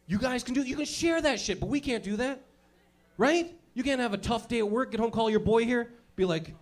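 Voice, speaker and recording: Brash, profane stand-up comic, high voice. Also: male voice, a little fast. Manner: profane, brash, laughing at his own jokes. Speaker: stand-up comedian. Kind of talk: stand-up comedy with crowd work.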